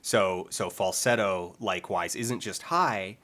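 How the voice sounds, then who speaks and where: A man's voice: unhurried, bright, forceful tone. A young man hosting a game stream, chatting casually about voices with frequent restarts. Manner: demonstrates vocal fry and pitch, many restarts. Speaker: host.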